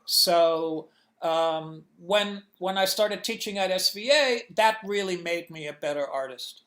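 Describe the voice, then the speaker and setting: A man guest in an interview on a video call, answering in a halting way with many restarts as he searches for words. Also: sits high, a bit bright. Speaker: comics inker, guest.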